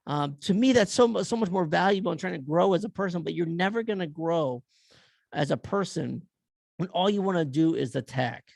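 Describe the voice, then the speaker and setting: A man's voice: a little high, vocal fry, darkish tone, no room sound. A man hosting his own podcast, ranting bluntly with profanity and firing off rhetorical questions. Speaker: podcast host. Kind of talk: opinion rant.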